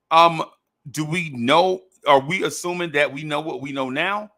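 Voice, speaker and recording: A male podcast host chatting casually about basketball in a bright, gravelly voice that sits a little high. He talks in an animated way, circles back over his own phrases and laughs often. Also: measured pace. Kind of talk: casual sports podcast chat.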